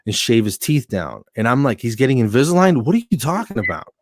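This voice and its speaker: A man's voice: medium pitch, quick pace, no echo, studio quality. A man from New Jersey, a comedian guest, telling funny stories in casual chat and acting out what people said. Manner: animated anecdotes with acted-out quotes.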